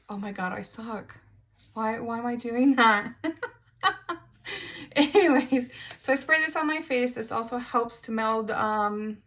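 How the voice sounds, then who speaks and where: Slow-talking chatty woman beauty vlogger. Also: on the high side, fairly bright tone. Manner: chatty, self-mocking, stumbles over words. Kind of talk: casual get-ready-with-me makeup tutorial.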